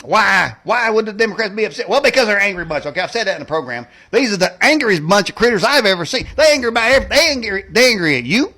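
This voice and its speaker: High-voiced man ranting mockingly. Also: expressive, fast, few pauses, pushed and bright. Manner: mocking, rambling, laughs at own jokes; folksy slang, repeats "man" and "okay". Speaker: host. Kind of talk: political rant monologue.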